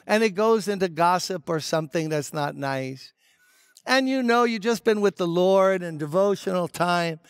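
Older male pastor, high voice, emphatic conversational sermon, dry close sound. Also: no echo. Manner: emphatic, conversational preaching with rhetorical questions.

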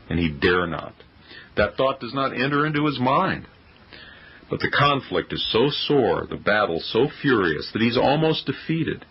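A man reading an old-fashioned sermon in a solemn, declamatory preaching manner, with a gravelly voice. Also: sits low. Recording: dull lo-fi audio.

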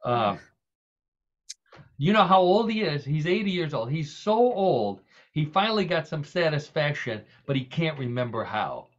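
A man's voice: a little high, sing-song, a little slow, muffled recording. A man hosting a podcast in casual, comedic chat, telling jokes and laughing often. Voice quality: jokey, laughs often, tells gags. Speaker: podcast host.

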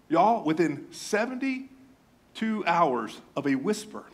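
A man preaches in an animated, joking way. His voice sits a bit high and swings widely in pitch as he teases his listeners and plays out what they might say. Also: slightly rough. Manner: animated, joking, mimics his congregation in raised voice. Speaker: pastor. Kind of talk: sermon.

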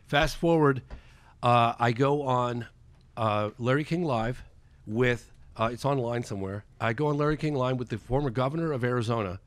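A man in his forties, a documentary filmmaker, telling a story as a podcast guest and acting out the dialogue in a lively way. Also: mid-range voice, no echo. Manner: lively, acts out quoted dialogue, fast and excitable. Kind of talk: animated storytelling in a podcast interview. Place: podcast studio.

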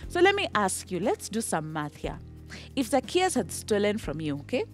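A woman teaching a children's Bible lesson, telling the story with lively animation, breaking into song and checking in with "okay?". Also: mid-range voice, normal speed, faint music behind. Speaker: Sunday school teacher.

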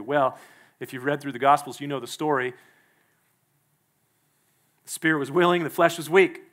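A male pastor preaching a sermon in a church, emphatic and quick to act out the people he quotes. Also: on the high side, fairly bright tone. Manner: emphatic, acts out the quoted speakers.

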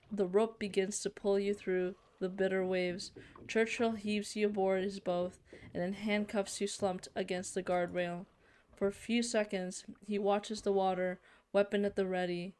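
A woman's voice: mid-range voice, little pitch movement, moderate pace, a little mellow, smooth. A young woman playing a narrative game, reading its text aloud and reacting with shocked exclamations and casual fillers. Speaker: let's play streamer.

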